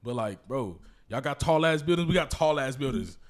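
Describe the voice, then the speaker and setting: A man's voice: medium pitch, expressive, normal speed. A young man from Kansas City, Missouri, hosting a podcast in emphatic, profane casual chat. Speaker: podcast host.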